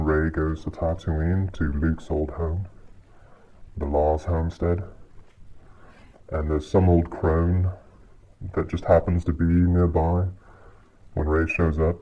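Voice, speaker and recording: A man's voice: sits low, warm tone. A man giving a casual, exasperated movie rant on his channel, swearing often and sighing between points. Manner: exasperated, profane, frequent sighs. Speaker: video creator reviewing a movie. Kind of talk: casual ranting commentary. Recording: dull lo-fi audio with faint hiss.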